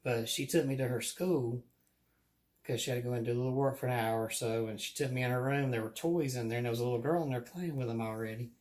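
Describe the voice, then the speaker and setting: A man's voice: medium pitch, quick pace, a little mellow. A man, telling ghost stories from his childhood in a chatty, casual way, laughing often. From Alabama. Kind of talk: casual storytelling.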